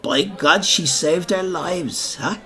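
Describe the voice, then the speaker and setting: An actor uses an exaggerated, forceful voice, slightly high, slow, and bright, to play an older Dublin man. It's a theatrical comic monologue: a boastful, wandering pub yarn peppered with colloquial asides to the listeners.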